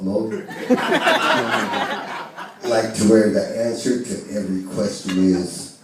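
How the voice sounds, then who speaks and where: A man's voice: on the low side, fairly even intonation, slow. Brash man doing stand-up, echoey club. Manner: brash, profane, laughing at his own jokes. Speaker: stand-up comedian. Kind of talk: stand-up routine. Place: comedy club stage. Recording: echoey club from a distance, noisy crowd.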